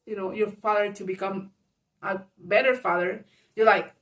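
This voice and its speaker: A woman's voice: mid-range voice, fairly even intonation, normal speed, a bit bright, distant mic. A woman giving casual spoken advice to viewers, frank and chatty, laughing often, swearing and calling the listener baby. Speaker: advice vlogger.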